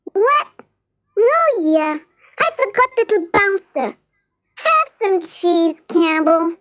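A woman's voice: very animated, slow, a bit bright, dry recording, heavily acted. A woman voicing a cheeky, grinning little male mouse in a storybook reading, cocky and teasing in manner. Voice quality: high and squeaky.

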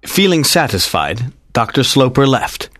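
A man's voice: mid-range voice, no echo, studio quality. Man narrating an audiobook. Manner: even, measured storytelling.

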